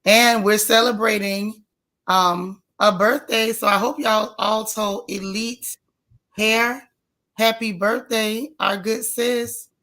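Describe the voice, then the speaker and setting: A woman's voice: fairly high pitch, steady tone, slow, a bit bright. A woman with a strained voice, hosting a casual live stream and greeting her viewers one by one in a folksy, chatty way. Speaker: livestream host.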